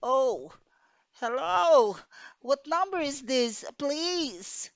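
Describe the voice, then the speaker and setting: A woman's voice: mid-range voice, unhurried, dry recording, lightly acted. Querulous nervous wife on the phone, read by a woman teacher. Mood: anxious. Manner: read aloud from a radio play script. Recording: dull dry recording.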